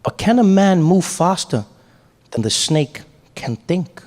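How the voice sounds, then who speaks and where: A comedian voicing a cool, calm male snake charmer speaking slowly and dramatically. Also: sits high, long reverb tail, full character voice. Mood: solemn. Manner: slow, solemn, dramatic.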